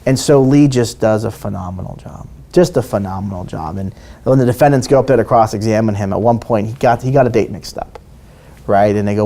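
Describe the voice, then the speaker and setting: A man's voice: fairly low pitch, brisk, creaky, mellow. A man, a trial lawyer, telling a story in an interview, acting out the quoted voices with frequent restarts.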